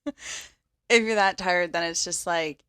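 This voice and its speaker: A woman's voice: lowish voice, fairly bright tone, clear, resonant tone, dry recording, studio quality. A woman co-hosting a podcast in casual chat, rambling and self-conscious about how she says words. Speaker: podcast co-host.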